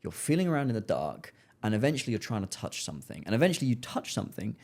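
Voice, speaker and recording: Male interviewer, rapid delivery, inquisitive, anecdotal. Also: lowish voice, sing-song, a little mellow. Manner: curious, storytelling questions. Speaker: podcast host. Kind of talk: podcast interview.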